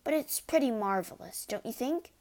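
An easygoing boy, voiced by a woman reader, speaks casually and matter-of-factly, a little higher than her own voice. His lines are relaxed, in a storybook scene between school friends. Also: normal speed, natural voice.

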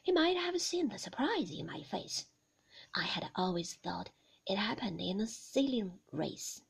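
A woman narrating a novel in a whispered storybook reading, breathy and husky. Her soft, hushed voice moves slowly and lifts and falls in a lively way. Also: medium pitch. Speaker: audiobook narrator.

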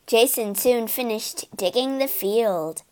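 A woman narrating a storybook for English learners, reading slowly, clearly and expressively. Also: on the high side, a little mellow.

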